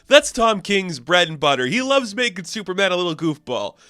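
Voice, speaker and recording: A man's voice: high-pitched, big pitch swings, fairly quick, pushed and bright, no echo, studio quality. A man reviewing a comic book issue in a chatty, enthusiastic way, laughing often.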